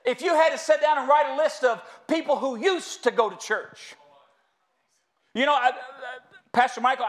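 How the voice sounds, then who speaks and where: A middle-aged American pastor, his voice very high and a little bright, preaches a humorous sermon in the sanctuary. He leans on folksy storytelling and speaks to the congregation as y'all.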